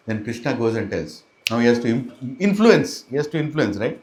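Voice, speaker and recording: Animated Telugu-accented man telling stories. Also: mid-range voice, fast talker. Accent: Telugu-accented Indian English. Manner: playful, acts out characters, switches between English and Telugu. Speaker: kids' class storyteller. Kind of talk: animated storytelling talk to a mixed audience.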